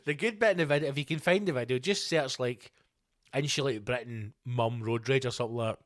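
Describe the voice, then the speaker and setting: A man's voice: mid-range voice, brisk, no echo, clean studio sound. A man with a Scottish accent, hosting a solo podcast, ranting with lots of swearing and comic put-on voices. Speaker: podcast host.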